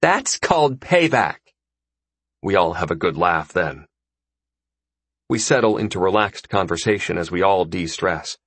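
A man narrating a first-person story in an expressive audiobook reading. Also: low-pitched, moderate pace, husky, no echo.

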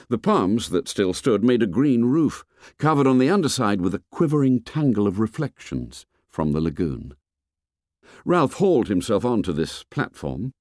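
A man reading a novel aloud as an audiobook narrator, in an expressive storytelling manner. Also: mid-range voice, no echo, clean studio sound. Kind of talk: scripted narration.

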